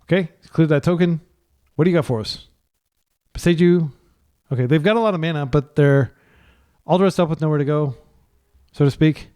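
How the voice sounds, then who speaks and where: A man's voice: a little high, normal speed, pauses often, mellow, smooth. A man from the United States giving live, chatty commentary on his card game, thinking aloud and correcting himself as he plays. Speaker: gameplay commentator.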